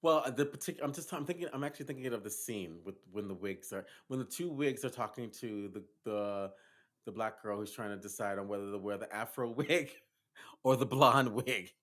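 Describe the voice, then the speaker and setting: A man's voice: on the low side, fairly quick, a bit bright. A man co-hosting a casual podcast who asks curious, playful questions and sometimes jokes around. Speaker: podcast co-host. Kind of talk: casual chat.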